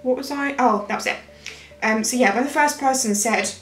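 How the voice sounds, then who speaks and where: A woman's voice: on the high side, brisk. A young woman chatting through a makeup tutorial, rambling and losing her train of thought. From Britain. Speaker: beauty vlogger. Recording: echoey room with faint music.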